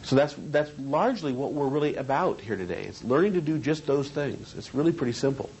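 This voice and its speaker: A man's voice: mid-range voice, lively intonation, brisk, a little mellow, a little hiss or hum, low-quality recording. A man teaching a seminar on hypnosis in a training room, talking conversationally and asking the group questions.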